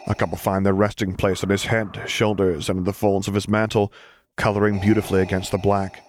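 A man narrating a story in a steady, gentle audiobook reading. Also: on the low side, fairly quick, slight background noise.

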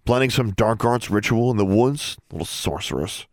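A man's voice: on the low side, lively intonation, normal speed, no room sound, clean studio sound, pitched above the performer's own voice. A man voicing a contemptuous teenage wizard bully who taunts with mocking scorn in a storybook reading. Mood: sneering.

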